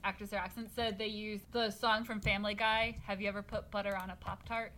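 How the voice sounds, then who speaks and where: Telling animated stories and laughing frequently, a woman hosts a casual podcast chat. Her mid-range voice moves a little fast, with a slight hiss or hum in the background.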